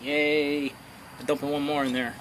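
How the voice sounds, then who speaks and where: Filmed on a phone, a hobby metalworker jokes around while working by a fire outdoors, talking to himself and his viewers. His voice is on the high side and flat at a normal speed, with loud outdoor noise.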